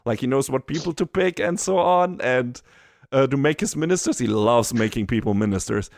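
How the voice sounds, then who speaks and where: A man's voice: medium pitch, animated, normal speed, gravelly, no echo, clean studio sound. A man co-hosting a podcast, chatting casually and enthusiastically, swearing and laughing often. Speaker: podcast co-host. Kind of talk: casual anime review chat.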